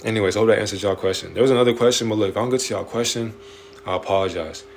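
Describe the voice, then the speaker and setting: A man hosting a late-night livestream, preaching in an animated way with slangy street talk and swearing. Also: fairly low pitch, very fast, slight background noise. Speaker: livestream host answering viewer questions. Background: faint music playing in the background.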